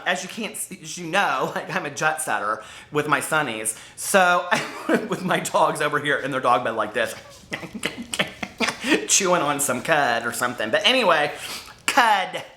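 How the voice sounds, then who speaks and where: A man's voice: fairly high pitch, bright, forceful tone. An American man vlogging casually to camera about books, chatty and rambling with lots of asides. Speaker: book vlogger. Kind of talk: casual unboxing chat to camera. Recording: echoey room.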